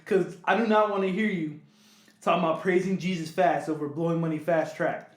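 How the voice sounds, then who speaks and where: A man with a high-pitched voice co-hosts a casual podcast. He talks in a laid-back, slangy, teasing way. The recording sounds echoey. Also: steady tone, brisk. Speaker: podcast co-host. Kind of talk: casual chat. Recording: echoey room.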